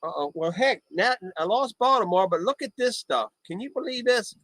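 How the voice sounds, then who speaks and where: Brief: high-pitched man hosting a live stream, stammery, close dry mic. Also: expressive, normal speed, a bit bright, no room sound. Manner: stammering, repeats words. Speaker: host. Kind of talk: casual live-stream chat. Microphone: video call mic.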